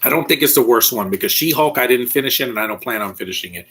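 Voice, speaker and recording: A man's voice: mid-range voice, expressive, fast, a bit bright, slightly rough. Blunt, rambling male reviewer. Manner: rambling and blunt, with frequent restarts. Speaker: YouTube reviewer. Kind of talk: casual spoken review.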